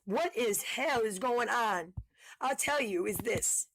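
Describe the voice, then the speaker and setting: A woman commentator talking in a heated, fast way, swearing often. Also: fairly high pitch, expressive, a bit bright, a little hiss or hum. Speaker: online commentator. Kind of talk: casual commentary video.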